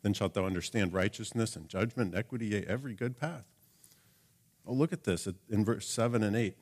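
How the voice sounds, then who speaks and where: A man preaching a sermon in an earnest tone, his voice sitting a little on the low side. He reads scripture aloud and keeps asking his listeners rhetorical questions. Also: brisk. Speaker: pastor.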